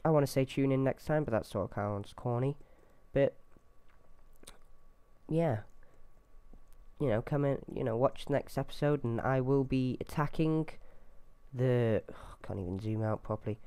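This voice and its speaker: A man's voice: mid-range voice, moderate pace, pauses often, clean tone, no echo. Chatty man narrating his gameplay. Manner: chatty running commentary with sudden excited yelps. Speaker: gameplay video host. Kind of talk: casual gameplay commentary.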